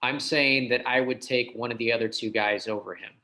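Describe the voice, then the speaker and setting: A man's voice: mid-range voice, fairly even intonation, brisk, sharp tone, poor audio. A man on a podcast, giving emphatic, opinionated takes in casual sports chat.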